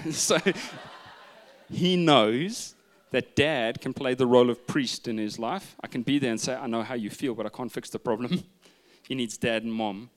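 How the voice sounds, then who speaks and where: A man, preaching a sermon with humorous stories and hushed retellings. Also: mid-range voice, normal speed. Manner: humorous storytelling, shifting from loud asides to hushed retelling. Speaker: pastor.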